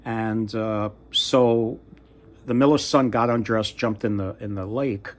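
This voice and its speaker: A man casually retelling a fairy tale from memory, halting and often trailing off to restart. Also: on the low side, fairly even intonation. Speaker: storyteller.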